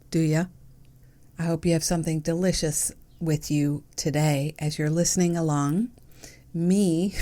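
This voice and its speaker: A middle-aged woman hosts her solo podcast from her home desk, with a slightly low voice. She chats casually, giggling often and jumping up into bright, excited notes when something delights her. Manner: playful, giggly and affectionate, with bursts of excited high notes. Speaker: podcast host.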